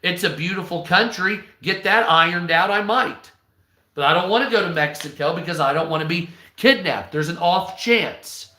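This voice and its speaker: A man's voice: sits high, moderate pace, sharp tone. An American man hosting a live stream, ranting bluntly and profanely and answering his chat in casual commentary. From United States. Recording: echoey room.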